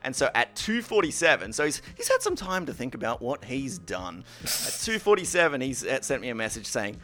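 A man telling a story in casual chat, profane and animated, acting out angry rants. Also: mid-range voice, a little fast, faint music behind. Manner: profane, animated, mock-ranting when quoting himself.

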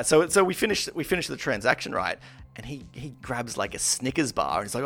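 A man telling stories in casual chat, animated, and loud when he acts out a quarrel. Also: mid-range voice, quick pace, vocal fry, soft background music.

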